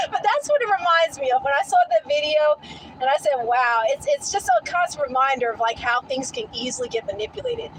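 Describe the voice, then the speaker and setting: A woman vlogging in a casual storytelling rant, animated and incredulous, often breaking into laughter. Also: sits high, quick pace, noisy background.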